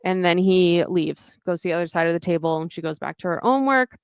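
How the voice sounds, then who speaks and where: A woman's voice: fairly low pitch, expressive, a little fast, clear, resonant tone, no room sound, clean studio sound. A woman podcast co-host casually recapping a novel chapter, rambling with fillers.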